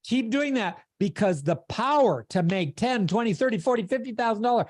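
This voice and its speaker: A man's voice: high voice, expressive, fairly quick, a little mellow, dry recording, studio quality. A man giving a motivational coaching talk on a video call, with an emphatic, preacher-like cadence. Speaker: sales coach.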